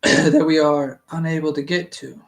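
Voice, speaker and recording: A reader voicing a calm, dry-witted farm owner with a measured, polite manner. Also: mid-range voice, gravelly, lightly acted.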